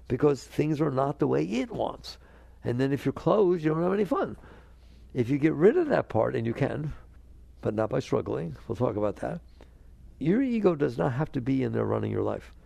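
A man giving a spiritual talk to an audience. He is animated, keeps asking his listeners questions, and acts out the inner voices he quotes. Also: mid-range voice, vocal fry, no room sound. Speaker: spiritual teacher.

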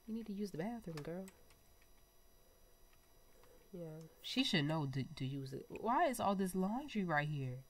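A woman's voice: on the low side, a little slow, pauses often, slight background noise. Chatty young woman with a stuffy nose. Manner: chatty, excitable, talks straight to viewers. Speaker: gaming channel host. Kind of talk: casual gameplay commentary.

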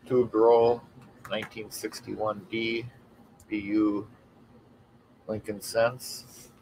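A man's voice: lowish voice, flat delivery, drawn-out words, darkish tone, slight background noise, poor audio. A man co-hosting a live online coin auction, greeting bidders by name and showing the coins. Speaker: auction host.

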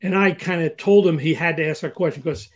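Older man giving lively hiring advice. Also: fairly high pitch, brisk. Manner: animated, acts out example dialogue. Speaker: interview guest, hiring consultant. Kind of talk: conversational advice in an interview.

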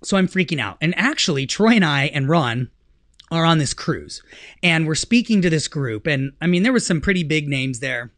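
A man's voice: a little high, lively intonation, moderate pace, a bit bright, no echo. A man co-hosting a podcast, telling a story in a casual, self-mocking way and laughing often. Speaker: podcast co-host.

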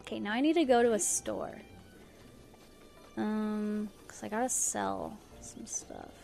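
Slow-talking young woman streamer chatting casually. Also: medium pitch, creaky, warm tone, soft background music. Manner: chatty, giggly, lots of fillers like "like" and "um". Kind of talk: casual gameplay livestream chat.

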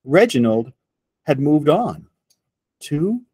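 A man reading a picture book aloud to children in an expressive storytelling voice. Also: a little high, slightly rough, no room sound. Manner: slow, expressive read-aloud.

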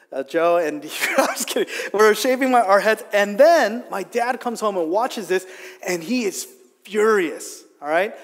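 A man preaching a sermon as pastor, earnest with humorous asides. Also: sits high. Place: church sanctuary. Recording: long reverb of a church hall.

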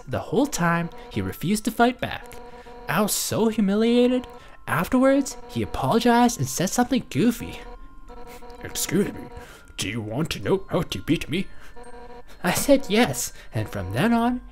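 A woman voicing a brash, hot-headed fish warrior woman who heads the guard, in a loud, boisterous manner. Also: low voice. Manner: loud, boisterous, bursts of shouting. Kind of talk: reading game dialogue aloud in a let's play.

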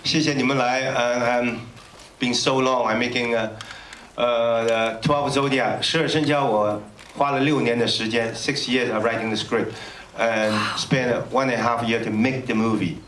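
A man giving an earnest, halting speech to a premiere audience, full of pauses and fillers. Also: medium pitch, fairly even intonation, fairly bright tone. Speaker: film director addressing the audience. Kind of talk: stage speech switching between Chinese and English. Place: cinema premiere stage. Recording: roomy, distant, with crowd noise. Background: audience murmur.

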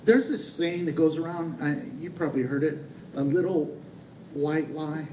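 High-voiced pastor in an echoey sanctuary. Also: male voice, a little mellow, a little hiss or hum. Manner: conversational preaching, playful asides. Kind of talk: sermon. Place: church sanctuary. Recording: echoey church hall from far off.

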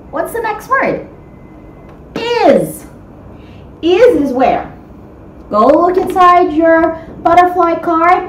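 A woman's voice: high-pitched, reverberant, a little hiss or hum, poor audio. Patient sing-song woman teaching small children. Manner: slow, patient, sing-song teacher talk, stretching words out. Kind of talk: guided writing lesson for young children.

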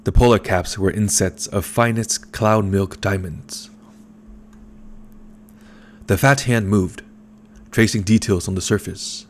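Slow, low-voiced male audiobook narrator. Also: slight background noise. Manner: measured, calm storytelling. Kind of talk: scripted narration.

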